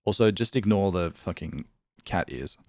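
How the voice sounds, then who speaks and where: A man's voice: low voice, animated, normal speed, a little mellow, no echo, studio quality. A man streaming live, chatting casually with his viewers, reading out their messages and telling a funny story with lots of laughs.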